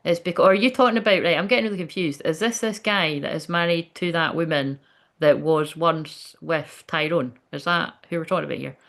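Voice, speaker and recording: A woman's voice: low-pitched, fairly quick. A woman hosting a medium's live stream in a rambling, candid way, reading viewer comments aloud and swearing freely. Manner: rambling, candid, swears freely, often asks "do you know what I mean".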